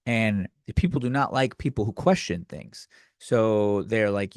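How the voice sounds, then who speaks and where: A man's voice: on the low side, normal speed, no room sound. Profane ranting man, dry close mic. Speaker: podcast host. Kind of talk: solo comedy rant.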